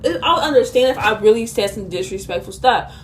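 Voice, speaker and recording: A woman's voice: a little high, expressive, fairly quick, slight background noise. A young woman telling a storytime vlog in an indignant, sassy way, with asides to her viewers. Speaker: vlogger.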